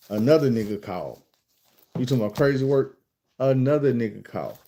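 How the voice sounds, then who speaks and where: A middle-aged man, telling a story in a casual storytime style. His voice is gravelly and mellow. He is blunt and profane, with an animated way of talking. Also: mid-range voice, fast talker, a little hiss or hum.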